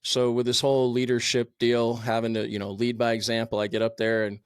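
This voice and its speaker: A man's voice: medium pitch, little pitch movement, fairly quick, clear, resonant tone, no echo, clean studio sound. A middle-aged man, a firefighter captain, telling his own story candidly in a blunt, profane way with plenty of fillers. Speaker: podcast guest, firefighter captain.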